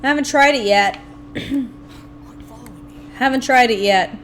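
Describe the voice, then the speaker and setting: Animated young woman streamer, higher voice. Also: slow pace, slight background noise. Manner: animated, talks to herself and chat, grumbles playfully. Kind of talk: live gameplay commentary.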